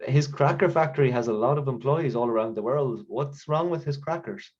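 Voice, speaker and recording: A calm therapist speaks in measured, soothing tones with a hint of condescension, as a man plays him in improv. His voice sits at an ordinary pitch. The audio is dull and lo-fi, like a video call. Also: lightly acted. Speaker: improv performer.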